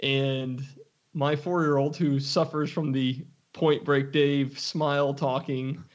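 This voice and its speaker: A man's voice: medium pitch, little pitch movement, slow. A man co-hosting a casual podcast chat, telling stories with a teasing, wry manner. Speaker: podcast co-host. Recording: dull lo-fi podcast audio.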